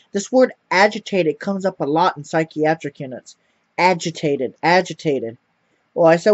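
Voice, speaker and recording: A man's voice: a little high, moderate pace, no room sound. A man telling a rambling personal story to camera, repeating words and swearing often. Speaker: vlogger. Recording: dull lo-fi dry sound.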